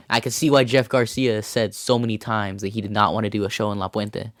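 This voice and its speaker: A man's voice: lowish voice, steady tone, moderate pace, a bit bright, dry recording, clean studio sound. A man hosting a casual show, telling a rambling, profane story with restarts and laughs. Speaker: host.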